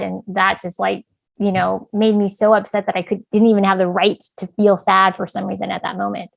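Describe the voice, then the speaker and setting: A woman leads an online parenting talk in an easy, conversational way, sprinkling her points with "like" and "um." Her voice carries a gravelly edge of fry, and the call audio is dry and close with no room sound. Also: mid-range voice, steady tone, fairly quick, no room sound, poor audio. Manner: conversational, many fillers like "like" and "um". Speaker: parent education speaker, clinical supervisor. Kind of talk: casual online presentation. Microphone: video call.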